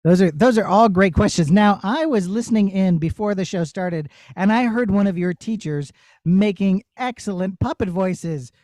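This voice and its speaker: A man who works as a puppeteer, answering children's questions in a playful, animated way on a video call. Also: high voice, normal speed, no echo. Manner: animated, storytelling tone with silly asides.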